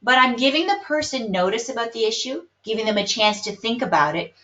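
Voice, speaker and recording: A woman psychologist calmly explaining coping strategies in a webinar, hedging often with "kind of". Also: a little high, fairly quick. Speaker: psychologist guest. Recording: roomy, dull lo-fi webinar audio.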